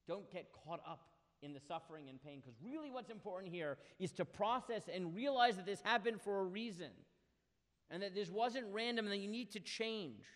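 A man teaching a Bible class. He reads Hebrew verses and translates them, and his delivery swings between hushed and loud. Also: high-pitched, long reverb tail. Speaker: Torah teacher.

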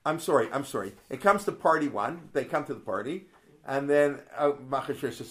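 A religious studies teacher with a medium-pitched, animated voice leads a Torah class at a brisk clip. He keeps it conversational, firing off rhetorical questions and quoting Hebrew verses aloud, often digressing and restarting.

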